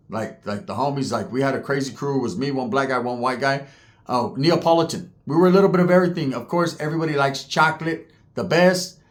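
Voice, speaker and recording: A man in his forties from California, telling street stories in a casual, profane way with heavy slang. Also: fairly high pitch. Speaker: storyteller host.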